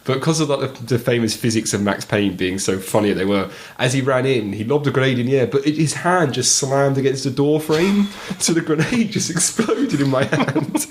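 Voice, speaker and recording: A man's voice: mid-range voice, lively intonation, normal speed, few pauses, a little hiss or hum. A man co-hosting a podcast, chatting casually about video games and often laughing through his own anecdotes. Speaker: podcast co-host.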